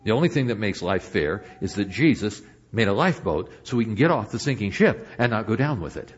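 An older man preaching a sermon as pastor, moving between emphatic points and hushed, quiet stretches. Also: on the low side, sing-song, fairly quick, husky, muffled recording.

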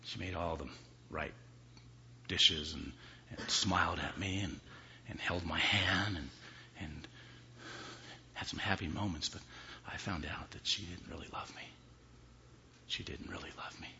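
A man voicing a calm, chilling husband who killed his wife, speaking low and half-whispered. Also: unhurried, pauses often, slight background noise, full character voice. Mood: cold, hushed. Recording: dull lo-fi recording.

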